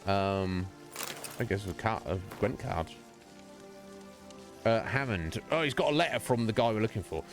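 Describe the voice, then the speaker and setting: Male streamer, lowish voice, loose rambling let's-play chatter over faint game music. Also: measured pace, long pauses. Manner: rambling, thinking aloud while playing. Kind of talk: casual let's-play commentary.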